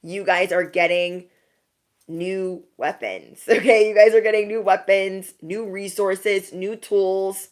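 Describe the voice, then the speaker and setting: A woman's voice: mid-range voice, fairly even intonation, slow. A young woman doing a casual spiritual card reading, chatty and laughing often as she talks to her viewers. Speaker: tarot reader.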